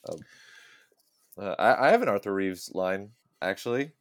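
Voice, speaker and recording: A man guesting on a casual podcast, relaxed and laughing often. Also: lowish voice, moderate pace, dry recording. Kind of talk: casual chat.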